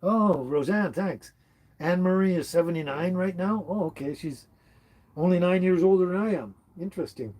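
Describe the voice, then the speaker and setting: A man's voice: high-pitched, moderate pace, darkish tone. A man in his seventies from Canada hosting a casual livestream, rambling along as he reads out viewers' comments. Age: 70s. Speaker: livestream host. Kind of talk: casual live-stream chat.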